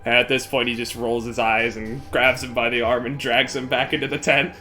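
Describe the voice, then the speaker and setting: A man's voice: medium pitch, little pitch movement, music in the background. A young man running a tabletop game as game master, narrating casually with frequent laughs. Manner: casual, laughing, quick asides.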